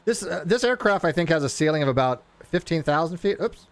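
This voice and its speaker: A man streaming a flight simulator, talking casually and rambling as he flies, often stumbling over his words and getting excited. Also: a little high, brisk. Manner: rambling, self-interrupting, excitable. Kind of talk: casual live gameplay commentary.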